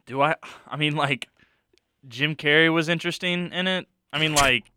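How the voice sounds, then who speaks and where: A man's voice: fairly high pitch, normal speed, pushed and bright, clear, resonant tone. A man co-hosting a podcast who chats about a film in a laid-back, hesitant way, full of fillers. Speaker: podcast co-host. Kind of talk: casual film review chat.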